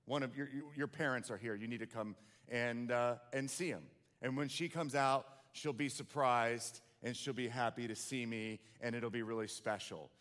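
A man's voice: mid-range voice, steady tone, moderate pace, fairly bright tone, long reverb tail, pitched below the performer's own voice, lightly acted. A preacher playing an eager returning father. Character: eager father home from military service.

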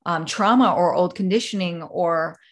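A woman's voice: on the low side, normal speed. A woman hosting a solo podcast, talking casually and rambling, with many fillers and acted-out examples. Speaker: podcast host.

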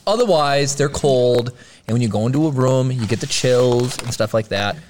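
A man's voice: medium pitch, moderate pace, darkish tone, slight background noise. A man hosting a casual livestream, playful and laughing a lot with his co-hosts. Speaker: host.

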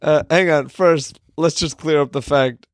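A man's voice: fairly high pitch, steady tone, a little slow, no echo, studio quality. A man co-hosting a comedy podcast, teasing the others, interrupting and laughing often. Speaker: podcast co-host. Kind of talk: casual comedy podcast chat.

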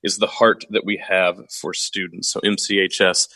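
Bright-voiced jokey male radio host. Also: low-pitched, little pitch movement, moderate pace, dry recording, low-quality recording. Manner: jokey, folksy, addresses listeners as folks. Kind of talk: casual radio talk chat. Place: studio.

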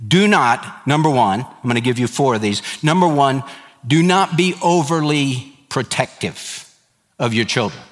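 A man's voice: medium pitch, expressive, measured pace. Emphatic preaching man in a reverberant hall. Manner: earnest, emphatic preaching with repeated lists. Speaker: pastor. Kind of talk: sermon.

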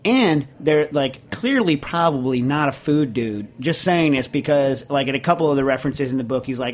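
New York man, radio host, slightly high voice, rambles and jokes, fillers everywhere. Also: animated, fairly quick. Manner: rambling, jokey, lots of fillers. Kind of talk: casual radio talk.

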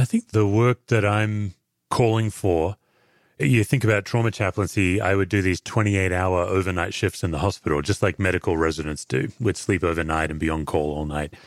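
Deep-voiced Australian man, dry sound. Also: no echo. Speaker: guest, pastor and former chaplain. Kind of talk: reflective interview answers.

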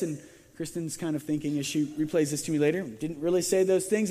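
A man preaches to a congregation in a loose, storytelling manner, stumbling over repeated words and dropping dry little jokes. His voice sits a touch high for a man and rings out with the long reverb of a big hall. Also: expressive, fast talker, vocal fry, darkish tone. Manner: conversational storytelling with frequent stammered restarts and wry asides. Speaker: pastor. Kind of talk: sermon.

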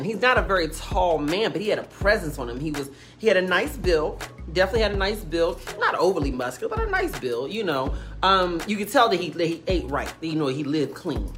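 A woman's voice: fairly low pitch, a bit bright. A woman chatting casually to her livestream viewers, rambling through a story with many fillers and restarts. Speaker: livestream host telling a story. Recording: music playing in the background.

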